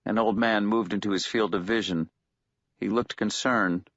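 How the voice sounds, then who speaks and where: A man narrating an audiobook in a measured, steady way. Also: lowish voice, no echo. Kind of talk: scripted narration. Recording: dull lo-fi dry recording.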